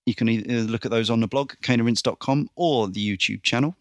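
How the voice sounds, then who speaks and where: A man hosting a casual podcast, briskly reeling off a list with dry little asides. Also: mid-range voice, no room sound. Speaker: podcast host.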